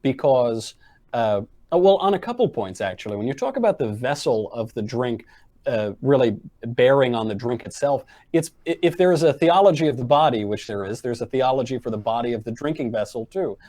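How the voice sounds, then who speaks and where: A man appearing as a podcast guest, talking in a wry, deadpan style with plenty of fillers. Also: medium pitch, a little fast, no room sound. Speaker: guest commentator. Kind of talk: casual chat.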